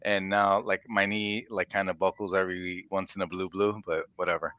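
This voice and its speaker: A man's voice: deep voice, level tone, normal speed, a bit bright, dry recording, highs cut off. A young man co-hosting a podcast, rambling casually, laughing often and acting out little quotes. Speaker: podcast co-host. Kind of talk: casual chat.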